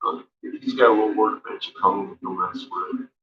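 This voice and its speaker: A man with a lowish voice talks at a moderate pace, spinning rambling, profanity-laced stories in casual chat. He laughs often between remarks, and the stream audio is dull and lo-fi.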